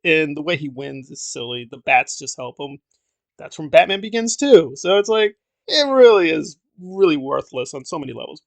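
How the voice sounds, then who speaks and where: A man's voice: a little high, gravelly, no room sound. A man giving a casual, blunt film review, talking in an exasperated way with lots of fillers.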